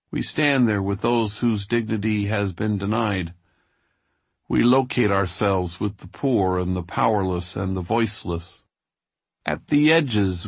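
Male author narrating his memoir, unhurried preacherly cadence, low husky voice. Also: no echo.

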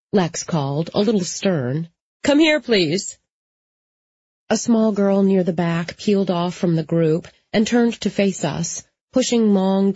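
A woman with a fairly low, mellow voice narrates a first-person audiobook close to the mic, in a dry, wry storytelling style. There's no echo, and the recording is slightly dull lo-fi.

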